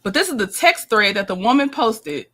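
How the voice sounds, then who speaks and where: Woman, livestream host, bright and forceful voice, chatty and direct with her chat. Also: on the high side, big pitch swings, moderate pace. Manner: chatty, talks to viewers, reads texts aloud. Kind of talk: casual live commentary.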